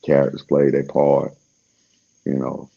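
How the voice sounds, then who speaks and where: A man's voice: extremely low pitch, monotone, measured pace, gravelly, muffled recording. A man talking in a casual, rambling monologue, laid-back and slangy, trailing off with fillers as he searches for words.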